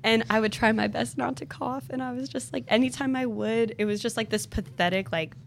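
A woman's voice: on the high side, a little fast, gravelly, a little hiss or hum. Giggly young woman hosting a podcast. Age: young adult. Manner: giggly, rambling. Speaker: podcast host. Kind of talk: casual podcast chat.

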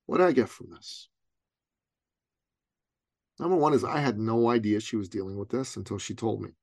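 A middle-aged man from Iran, a business coach, telling a story in an interview and acting out the people in it with big jumps in pitch. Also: lively intonation, normal speed, vocal fry, darkish tone, no room sound.

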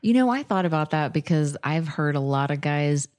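A woman with a slightly low voice, co-hosting a relaxed podcast. She teases her co-host and laughs easily as they talk. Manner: teasing, quick to laugh. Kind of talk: casual chat.

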